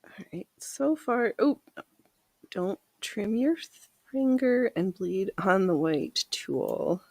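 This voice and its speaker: Slow, chatty woman sewing live. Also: medium pitch, expressive, darkish tone, no room sound. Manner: chatty, laughs often, reads viewer comments aloud. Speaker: livestream host. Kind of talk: casual live chat while sewing.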